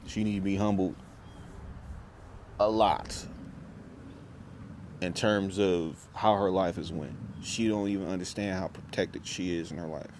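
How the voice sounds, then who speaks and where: A man's voice: low voice, steady tone, normal speed, hardly any pauses, darkish tone, slight background noise. A young man talking to camera in a rambling, intense vlog monologue, full of restarts and slang. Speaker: vlogger.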